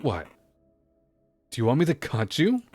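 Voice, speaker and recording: A man's voice: medium pitch, very animated, slow pace, darkish tone, soft background music, voice pushed up. A man voicing a sullen young male video game protagonist who answers in curt, defiant retorts. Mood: hostile. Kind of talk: reading game dialogue aloud.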